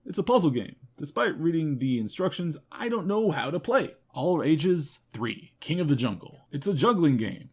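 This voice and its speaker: A man hosting a game news show, running through a list of games with quick wry comments and self-mocking asides. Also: on the high side, very animated, darkish tone, slightly rough. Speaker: host. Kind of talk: rapid game review roundup.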